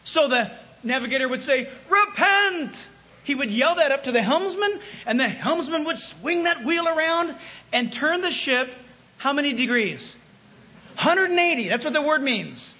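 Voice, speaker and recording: A man preaching a sermon, emphatic, swinging between loud calls and hushed asides. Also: extremely high pitch, animated, moderate pace.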